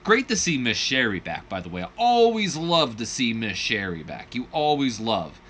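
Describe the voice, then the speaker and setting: A man giving casual, chatty play-by-play commentary on his video game, with bursts of excitement. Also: medium pitch, moderate pace, a little hiss or hum. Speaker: gaming video host.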